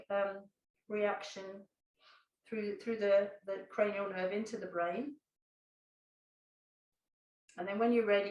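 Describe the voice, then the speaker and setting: A woman, a Pilates instructor gently guiding a seated exercise, with calm instructions and small self-corrections. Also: medium pitch, distant mic. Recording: echoey room, voice off-mic.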